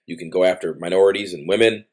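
A man's voice: sits low, fairly even intonation, a little mellow. A man filming officials, talking bluntly and combatively in a confrontational documentary style. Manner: blunt, combative, rapid-fire. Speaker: citizen journalist filming officials.

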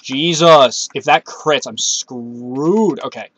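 A man's voice: mid-range voice, takes it slowly, long pauses, fairly bright tone, no echo. A man giving casual commentary while playing a video game, talking to himself and cursing at setbacks. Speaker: Let's Play gamer.

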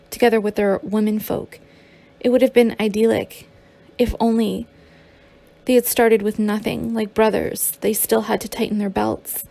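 A woman's voice: mid-range voice, creaky, mellow. A woman narrating a memoir as an audiobook, with occasional stumbles and restarts.

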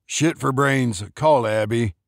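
A man voicing a gruff, short-tempered older man who talks in curt, clipped orders. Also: medium pitch, slow pace, no echo, clean studio sound.

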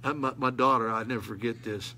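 A man's voice: medium pitch, steady tone, fast, pushed and bright, a little hiss or hum. An older man, preaching a sermon in a folksy manner that rises to emphatic calls. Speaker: pastor.

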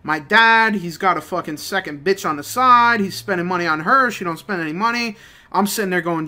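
A young man ranting in a casual, profane, rambling way, swinging between low mutters and loud outbursts. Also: brisk. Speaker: gaming channel host. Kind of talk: casual rant over gameplay.

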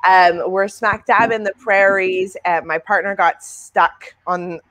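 A young woman from Canada, a guest author and new mother, chatting in an interview and telling lively stories with laughter. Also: mid-range voice, takes it slowly. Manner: chatty, laughing, storytelling with voiced quotes. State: new mother, sleep deprived. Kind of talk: casual interview chat.

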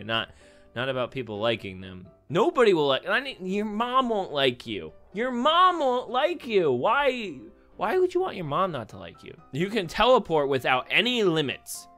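A young man rambles and thinks aloud through a quiz game, laughing often as he goes. His voice is bright and lively, sitting a little high for a man. Faint music plays behind him. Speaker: gaming YouTuber. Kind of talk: casual commentary on a web quiz game. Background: faint background music.

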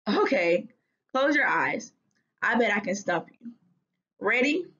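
A woman voicing a lively young girl who coaxes her little brother along in a playful, eager way. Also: mid-range voice, takes it slowly, husky, heavily acted. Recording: dull lo-fi recording.

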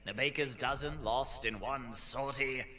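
A man's voice: medium pitch, a little slow, lightly acted. An actor playing a haughty, mocking male spymaster in a mask who talks of himself as "we". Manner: mocking, lofty, speaks of himself as "we".

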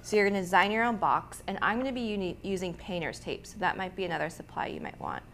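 A young woman hosting a casual art lettering tutorial, chatty and quick to laugh, with frequent ums and restarts. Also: medium pitch, a bit bright, a little hiss or hum. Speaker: art instructor and host.

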